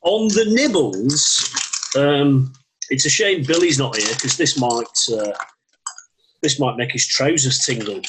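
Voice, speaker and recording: A man's voice: medium pitch, lively intonation, slow, background noise. A man with a Lancashire accent chatting playfully and cracking jokes over a video call. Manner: jokey, playful. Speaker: guest panelist. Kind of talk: casual chat.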